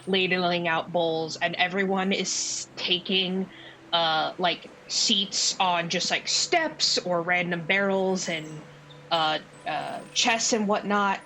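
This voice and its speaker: Slow-talking woman running a tabletop game. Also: lowish voice, pushed and bright, slight background noise, low-quality recording. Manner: unhurried, with many fillers and restarts. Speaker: game master.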